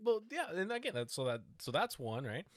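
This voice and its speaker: A man's voice: on the high side, very animated, fairly quick, no room sound, studio quality. A man ranting animatedly in a casual chat, swearing often and getting worked up.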